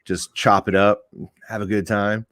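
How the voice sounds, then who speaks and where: A man's voice: fairly low pitch, flat delivery, measured pace, a bit bright, clear, resonant tone, dry recording, clean studio sound. A man hosting a podcast interview, laid-back and joking with his guest. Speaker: podcast host.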